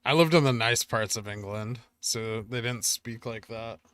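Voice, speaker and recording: A man's voice: medium pitch, a little slow, fairly bright tone, clear, resonant tone, no room sound. A middle-aged man hosting a finance stream, chatting casually with viewers and joking at his own expense. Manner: joking, self-deprecating. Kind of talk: casual live-stream chat reading comments.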